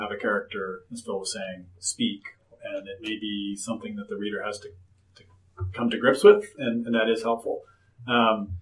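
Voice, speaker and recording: Fast-talking male writer, lowish voice, casual panel tone. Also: a bit bright, rough recording. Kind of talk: panel discussion.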